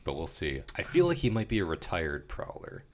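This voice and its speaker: A man's voice: low voice, wildly swooping pitch, a little fast. A man co-hosting a podcast in casual chat, laid-back and given to crude jokes. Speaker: podcast co-host.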